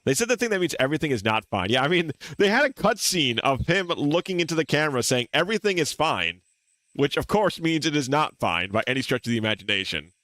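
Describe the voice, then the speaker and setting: A man's voice: fairly high pitch, very animated, quick pace, hardly any pauses, sharp tone, dry recording, studio quality. A man streaming a game playthrough, reading its dialogue aloud expressively and chatting with viewers.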